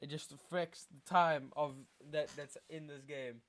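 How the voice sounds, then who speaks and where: A tired young man from South Africa giving excitable live commentary while streaming a football match as a fan. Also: on the high side, unhurried. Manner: excitable fan, shouting at big moments, chanting. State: tired, yawning. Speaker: watchalong streamer.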